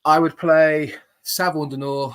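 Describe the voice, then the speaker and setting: A man's voice: a little high, flat delivery, moderate pace, a bit bright, clear, resonant tone. A man hosting a casual football podcast, blunt and laddish, swearing freely, talking over a remote call. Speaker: podcast host.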